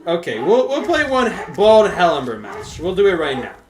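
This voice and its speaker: A man's voice: high-pitched, huge pitch swings, moderate pace, echoey room, faint music behind. A man chatting casually on a game live stream, laid-back and laughing often as he talks to viewers. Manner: laid-back, laughs often, calls chat "brother" and "dude".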